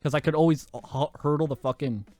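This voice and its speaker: Young male podcast host, animated, profane storyteller, dry sound. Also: fairly high pitch, a little fast, no room sound, soft background music. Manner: animated, swears a lot, laughs through his story. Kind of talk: casual storytelling.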